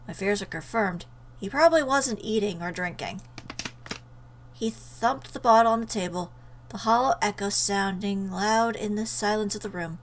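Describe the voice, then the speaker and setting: A woman's voice: mid-range voice, moderate pace, slight background noise, poor audio. A woman reading a visual novel aloud in an earnest way, breaking off for emotional asides. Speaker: let's player.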